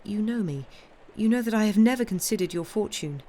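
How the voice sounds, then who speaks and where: A woman reading aloud and voicing a gentle, devoted young granddaughter in a pleading, emotional way. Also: medium pitch, lively intonation, fairly quick, a little hiss or hum, voice pushed up, lightly acted.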